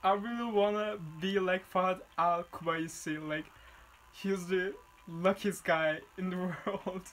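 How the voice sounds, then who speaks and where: A reaction video host with an Arabic accent and Arabic as a native language, gushing about a song in halting English full of fillers. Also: mid-range voice, steady tone, fairly bright tone, slight background noise, poor audio. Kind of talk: excited music reaction vlog.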